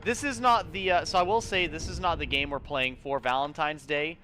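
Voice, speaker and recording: A streamer talking in a casual, playful, rambling way while playing a game. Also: male voice, fairly high pitch, fairly quick, bright, forceful tone, a little hiss or hum. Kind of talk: casual live-stream chat.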